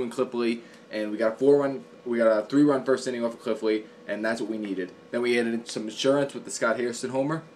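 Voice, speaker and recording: Young guy ranting about his team into his camera, lots of ums, swears a bunch, bit of faint room hiss. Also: mid-range voice. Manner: profane, opinionated, rambling with many ums. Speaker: sports fan vlogger. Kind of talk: casual fan recap vlog.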